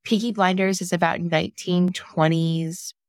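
A woman's voice: fairly low pitch, steady tone, normal speed, no echo. A woman chatting casually as a podcast co-host, recapping a film with blunt, dry humor.

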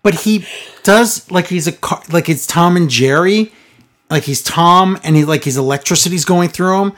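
A podcast co-host recapping a show in casual chat, sarcastic and exasperated, often slowing down to mock what was said. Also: medium pitch, a bit bright. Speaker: podcast co-host reviewing wrestling.

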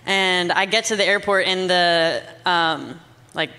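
Bright-voiced young woman, rambling chat. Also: lowish voice, takes it slowly, big-room sound. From Canada. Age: young adult. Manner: rambling, fills speech with "like". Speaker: guest. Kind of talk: casual testimony chat.

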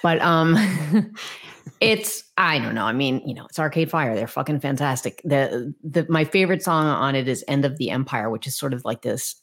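A woman's voice: extremely low pitch, lively intonation, moderate pace. A woman who is a musician, chatting loosely and playfully, swearing casually. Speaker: musician, podcast co-host. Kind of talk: casual chat.

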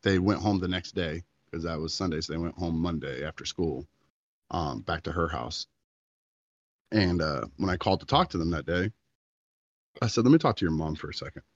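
A man's voice: sits low, normal speed, no echo, dull audio. A man in his thirties, a podcast co-host, telling a long story in casual chat and acting out the quotes.

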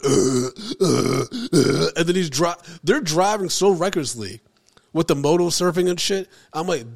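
Podcast guy ranting in disbelief, swears a lot, voice a bit high. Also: lively intonation, normal speed, gravelly. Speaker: podcast co-host. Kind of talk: casual chat.

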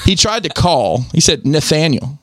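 A man in casual podcast chat, animated and laughing as he retells a long story. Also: on the high side, brisk, no echo, studio quality.

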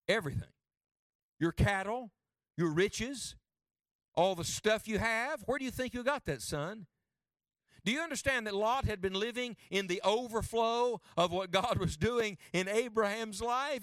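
A man preaching a sermon as a traveling preacher, dropping low and soft for quotes and rising high for emphasis. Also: dry recording, clean studio sound, far from the mic.

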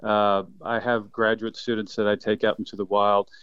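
A man in his fifties, a quail biologist, telling animated stories in a casual interview with plenty of laughs. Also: lowish voice, normal speed, clear, resonant tone, no echo, lo-fi sound. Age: 50s. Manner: enthusiastic, animated storyteller who laughs often.

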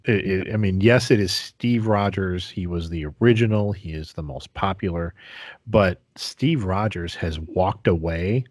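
Casual podcast co-host, middle-aged man, low husky voice, dry close sound, animated storyteller. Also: unhurried, no echo. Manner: animated, acts out quotes in funny voices. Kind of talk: casual chat.

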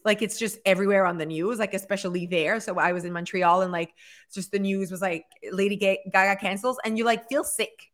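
A woman co-hosting a casual chat, talking fast with lots of fillers and acting out what people say. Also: mid-range voice. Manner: chatty, filler-heavy, animated storytelling. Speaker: podcast co-host.

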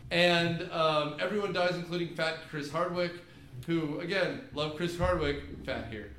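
A man co-hosts a casual movie podcast, riffing in an animated, joking way full of asides. His voice sits a bit high. The sound is roomy and echoey, with a faint hiss underneath. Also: a little slow. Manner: animated, jokey, rambling with asides. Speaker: podcast co-host. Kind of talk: casual movie recap chat. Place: home room with DVD shelf.

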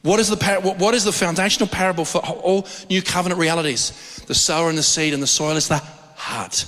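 A middle-aged man preaching, his voice sitting a little high for a man. He tells stories with lots of energy, stumbles and restarts, and acts out the voices of the people in them. His voice rings out with a long reverb, as in a large hall. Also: a little fast. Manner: animated storytelling, many restarts, acts out voices. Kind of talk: sermon with personal story.

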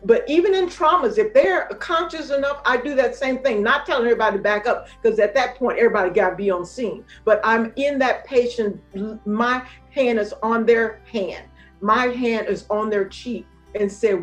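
An older woman, a retired nurse anesthetist, giving a podcast interview in an earnest, calm way and repeating her points for emphasis. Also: fairly high pitch, normal speed, soft background music.

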